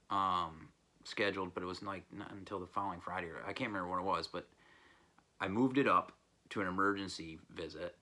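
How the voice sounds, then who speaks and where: Low-voiced man, blunt and profane. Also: sharp tone. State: unwell, recovering from illness. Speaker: record collecting vlogger. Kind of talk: casual vlog monologue.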